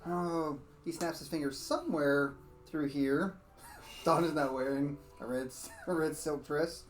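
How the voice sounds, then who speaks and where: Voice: medium pitch, unhurried, faint music behind. A playful game master narrating a tabletop game, often breaking into giggles.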